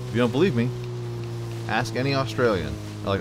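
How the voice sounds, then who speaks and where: Man, gaming commentary, excitable and jokey, lowish voice, game music behind. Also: rapid-fire. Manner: excitable, jokey, loud sign-off. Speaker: gaming channel host. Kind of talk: let's play commentary.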